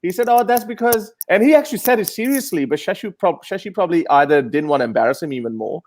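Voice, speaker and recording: A man in a casual panel discussion, telling stories in an animated way with many restarts and fillers. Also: on the high side, racing.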